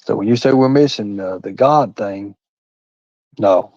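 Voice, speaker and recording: Guy ranting on his livestream, dark mellow voice, swears a lot, preachy and blunt, dry dull lo-fi sound. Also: lowish voice, measured pace, no echo. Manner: folksy Southern-style phrasing with "by God" and "ain't". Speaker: livestream host. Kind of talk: heated livestream rant.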